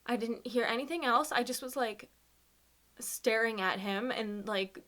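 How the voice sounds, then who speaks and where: Young woman, bright, slightly high voice; emotional storytime, halting and teary. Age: young adult. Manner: emotional, halting, many fillers and nervous laughs. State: close to tears. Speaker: vlogger. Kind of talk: personal storytime.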